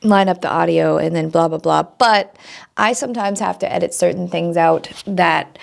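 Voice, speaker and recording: A woman's voice: lowish voice, normal speed, creaky. A young woman streamer talking candidly to the camera, rambling and swearing casually. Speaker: streamer and content creator.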